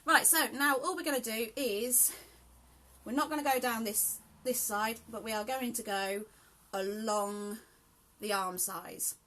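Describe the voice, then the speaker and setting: A woman's voice: fairly high pitch, measured pace, bright, forceful tone. A British woman chatting casually in a rambling way while she sews, with lots of ums and laughs. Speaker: sewing vlogger. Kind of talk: casual chat while sewing.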